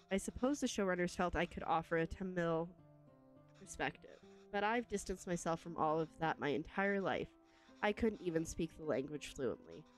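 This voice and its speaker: A woman's voice: fairly low pitch, lightly acted. A woman reading aloud the lines of a young adult son from a game, earnest and guilt-ridden, in close to her own voice. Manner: reads game dialogue aloud in a near-plain voice.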